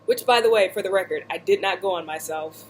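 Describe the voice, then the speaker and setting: A woman vlogger seated indoors, casually telling a story in an animated, joking way with lots of asides. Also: mid-range voice, fast, a little hiss or hum, low-quality recording.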